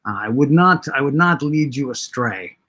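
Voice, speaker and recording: A man's voice: medium pitch, expressive, normal speed, a bit bright. A man voicing a small, eager male creature with thick fingers who talks in a formal, grandly polite way.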